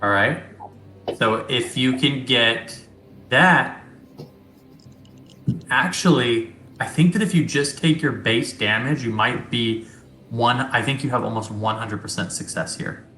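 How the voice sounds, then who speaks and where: A man's voice: mid-range voice, measured pace, pauses often, sharp tone, reverberant. A man acting as game master, talking loosely and chattily and laughing easily. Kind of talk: running a tabletop game.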